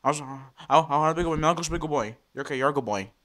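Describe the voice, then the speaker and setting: Halting, excitable man narrating his screen. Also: a little high. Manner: halting, repeats and restarts words often; excitable, talks to viewers. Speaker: computer vlogger. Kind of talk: casual screen-recording commentary.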